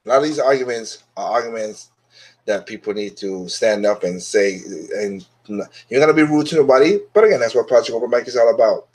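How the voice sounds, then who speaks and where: A man's voice: mid-range voice, expressive, fairly quick, darkish tone. A man hosting his own opinion show, talking bluntly and dismissively in a casual monologue that is full of restarts.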